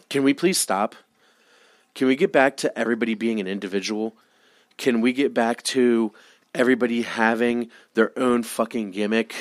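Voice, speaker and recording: A man's voice: mid-range voice, no room sound, clean studio sound. A man hosting a solo podcast, ranting with heavy profanity and repeated exasperated pleas. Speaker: podcast host. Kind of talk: solo wrestling podcast rant.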